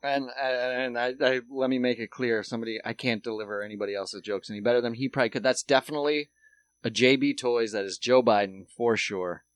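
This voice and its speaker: A man's voice: medium pitch, brisk, no echo. A man co-hosting a comedy podcast, riffing casually and swearing a lot as he rambles. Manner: profane, rambling riffs. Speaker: podcast co-host.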